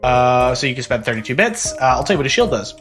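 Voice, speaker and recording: A man running a tabletop game as game master, relaxed and laughing often, with many fillers. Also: mid-range voice, fast talker, music in the background.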